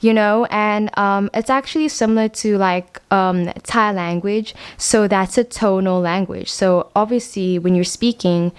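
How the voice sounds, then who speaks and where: A woman's voice: mid-range voice, a little slow, hardly any pauses, clean tone. A young woman giving a casual tarot reading, chatty and frank, full of fillers. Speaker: tarot card reader.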